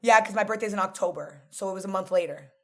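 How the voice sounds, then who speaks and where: A woman's voice: medium pitch, fast talker. Blunt New woman telling stories. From New York. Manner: animated storytelling, blunt and frank. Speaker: podcast guest. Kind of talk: casual conversation.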